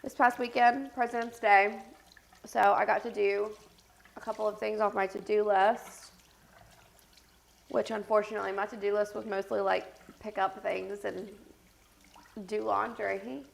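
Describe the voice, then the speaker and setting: Congested woman, slow gravelly chat. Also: mid-range voice, flat delivery. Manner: rambling, filler-heavy, talks while doing makeup. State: congested, stuffed-up and scratchy voice. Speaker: makeup livestream host. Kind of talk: casual get-ready-with-me chat. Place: home set.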